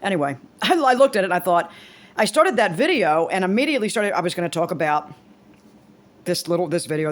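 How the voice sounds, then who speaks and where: A woman in her fifties talking casually to camera, rambling and blunt, swearing freely and restarting her sentences. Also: lowish voice. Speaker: vlogger.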